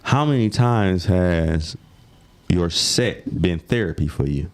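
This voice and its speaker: A man co-hosting a podcast, steering the conversation in a relaxed, casual way. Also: deep voice, takes it slowly. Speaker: podcast co-host.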